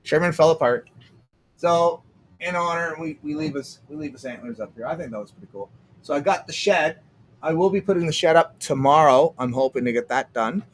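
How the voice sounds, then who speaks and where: A man's voice: on the high side, a little fast, slight background noise. Rambling, profane young streamer man. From Canada. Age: young adult. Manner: rambling, profane, trails off and restarts. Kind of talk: casual livestream chat.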